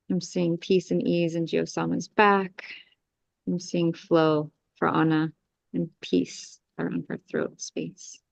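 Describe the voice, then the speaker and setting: A woman astrologer leading a live group energy-clearing meditation, with soothing, repetitive invocations and breathing cues. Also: lowish voice, no room sound, muffled recording.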